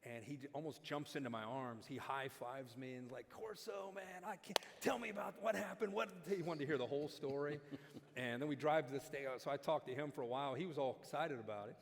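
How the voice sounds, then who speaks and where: A man spins an animated anecdote for a dinner crowd, jumping into the voices of the people in it. His voice sits in the middle range and carries the long reverb of a large hall. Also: medium pitch. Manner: animated, acts out quotes. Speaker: guest speaker. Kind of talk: storytelling on stage.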